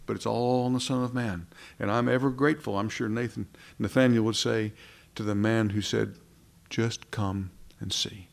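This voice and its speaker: Male preacher, gravelly, impassioned delivery with sudden soft drops. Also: fairly low pitch, fairly even intonation, a little fast, hardly any pauses. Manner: impassioned, rising and dropping to soft. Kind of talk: sermon.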